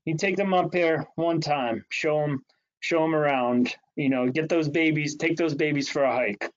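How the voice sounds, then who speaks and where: A man's voice: a little high, normal speed, lightly acted. A man voicing a blunt, territorial older male landowner in a retold story, on slightly muffled audio. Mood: gruff.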